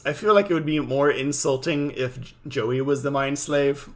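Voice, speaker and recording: A man's voice: medium pitch, steady tone, moderate pace. A man co-hosting a casual podcast, recapping with jokes and silly voices. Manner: joking, does silly character voices. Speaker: podcast co-host.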